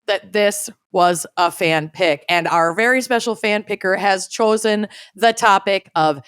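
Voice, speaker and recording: A woman co-hosting a casual podcast, chatty and jokey with an animated delivery, on a close mic. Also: medium pitch, unhurried, smooth, no room sound. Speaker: podcast co-host.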